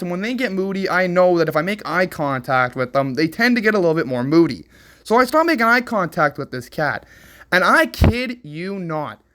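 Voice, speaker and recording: A man's voice: a little high, a bit bright. Rambling, profane young man telling a story. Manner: rambling, profane, lots of "like" and "right?". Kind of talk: casual storytime monologue.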